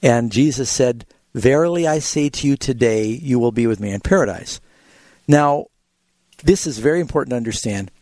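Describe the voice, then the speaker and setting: Radio bible show host guy, even-keeled explainer, dry close sound. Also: medium pitch, no room sound. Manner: explanatory, tells anecdotes, measured. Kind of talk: call-in radio Q&A.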